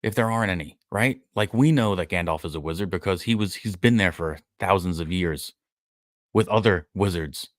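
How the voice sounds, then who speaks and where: Male podcast host, very low voice, dry close recording, sarcastic live-stream recapper. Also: normal speed, dry recording. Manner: sarcastic, acts out characters' lines in a raised voice. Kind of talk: casual live-stream episode breakdown.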